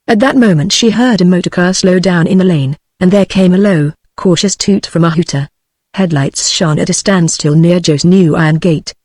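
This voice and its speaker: Text-to-speech storyteller, mid-pitched, reads evenly with a dry close sound. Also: moderate pace, no echo. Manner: even, mechanical reading. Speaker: audiobook narrator. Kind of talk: synthetic audiobook narration.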